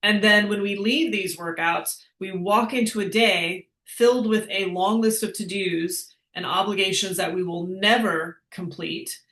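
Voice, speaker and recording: A woman's voice: medium pitch, a bit bright, echoey room. A woman fitness coach answering questions in a live class, chatty and upbeat, laughing as she explains.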